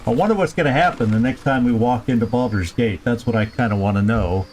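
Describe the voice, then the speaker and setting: A man's voice: medium pitch, fast talker, a little mellow, faint music behind. A man casually commenting on his gameplay during a live stream, thinking aloud with playful, goofy asides. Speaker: video game streamer.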